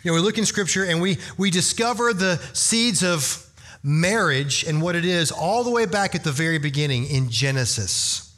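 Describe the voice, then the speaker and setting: Middle-aged male pastor, conversational sermon delivery, bright tone. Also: a little high, moderate pace. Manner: conversational storytelling, animated and emphatic.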